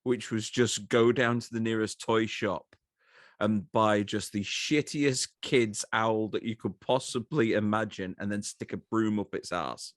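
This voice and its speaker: Bloke with a lowish voice joking about a movie, lots of uhs, puts on quick voices, dry mic. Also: male voice, no room sound. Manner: hesitant fillers, jokey, acts out quotes. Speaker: podcast co-host. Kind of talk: casual comedic movie chat.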